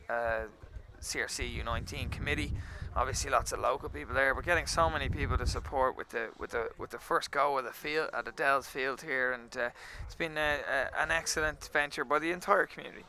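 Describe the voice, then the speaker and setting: A man's voice: mid-range voice, sharp tone, a little hiss or hum. A man giving analytical live rugby commentary on the radio with a dry sense of humor.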